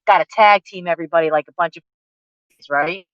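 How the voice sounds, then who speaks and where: Speaking fairly quickly in a fairly low voice, a woman vlogger unloads an angry, profane rant straight to camera, mocking and accusing her target. The audio is dull, lo-fi, and completely dry with no room sound.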